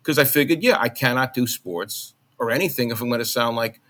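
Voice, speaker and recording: Guest, middle-aged man, faint Long Island accent, bright forceful voice, animated storyteller. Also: a little fast. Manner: animated, jumps into high mock voices when recounting. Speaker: guest, former college radio announcer. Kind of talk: conversational interview storytelling.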